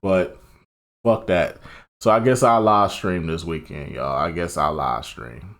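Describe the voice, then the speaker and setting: A man's voice: low voice, measured pace, fairly bright tone. A man casually chatting, musing aloud about his plans in a hesitant way. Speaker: streamer. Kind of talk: casual chat.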